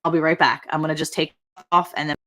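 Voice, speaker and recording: A woman's voice: sits low, little pitch movement, fast, pushed and bright. A woman hosting a casual ranch livestream, chatty and laughing often as she greets viewers by name.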